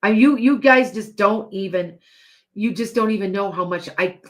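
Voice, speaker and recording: A woman's voice: medium pitch, moderate pace. Lady psychic rambling on a live stream, restarts a lot, chatty asides to viewers.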